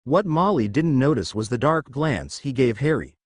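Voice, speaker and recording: Dry, lively male story narrator. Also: mid-range voice, moderate pace, dry recording. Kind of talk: scripted fan fiction narration.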